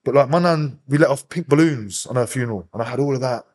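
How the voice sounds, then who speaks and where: Fast-talking, swearing English man. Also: mid-range voice. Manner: swears constantly, rapid animated storytelling, acts out voices. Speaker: podcast guest. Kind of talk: casual storytelling interview.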